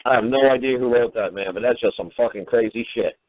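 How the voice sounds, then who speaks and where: A man's voice: mid-range voice, fast, slight background noise. A man hosting a call-in radio show, ranting in an exasperated, profane way. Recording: tinny phone-line radio audio.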